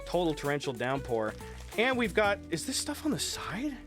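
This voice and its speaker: A man talks loosely to his live-stream chat, calling viewers by name, swearing, and thanking them again and again. His voice sits a little high and leaps around with lots of life. He is sick, and faint music plays underneath. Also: very animated, normal speed.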